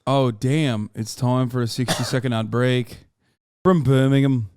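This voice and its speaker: Male streamer, sarcastic casual reactions, smooth voice, dry close mic. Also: mid-range voice, fairly even intonation, unhurried, darkish tone, no room sound. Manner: sarcastic, swearing.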